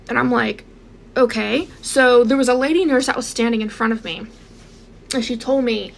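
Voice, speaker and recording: A young woman tells a personal story to her viewers in a casual, animated way. Her voice sits a little high and has a gravelly fry. She acts out the lines of the people in her story, over a faint hiss in the background. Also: a little fast. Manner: animated, addresses viewers directly, acts out quotes.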